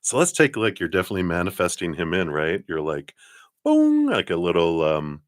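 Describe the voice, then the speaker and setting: Deep-voiced guy doing live tarot readings, super giggly, keeps laughing, chatty spiritual vibe. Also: wildly swooping pitch, moderate pace, no echo, studio quality. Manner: warm, affirming, spiritual talk. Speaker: tarot card reader.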